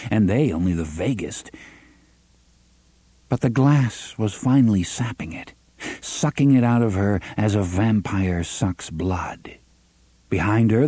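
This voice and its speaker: A man reading a novel aloud as an audiobook narrator, measured and unhurried, sometimes dropping to a soft half-whisper. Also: fairly low pitch, slightly rough, no echo. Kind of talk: scripted narration.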